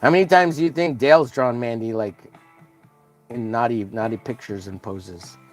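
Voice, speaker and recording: A man's voice: medium pitch, normal speed, faint music behind. A man hosting a casual drawing livestream, joking crudely and greeting viewers by name as he works. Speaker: livestream host.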